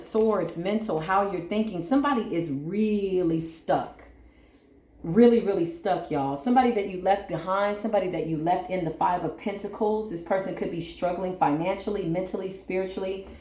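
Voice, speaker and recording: Lady doing a tarot reading, kinda low voice, calm and repeating herself, echoey room. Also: normal speed. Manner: soothing, repetitive, often asks "right?". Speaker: tarot reader.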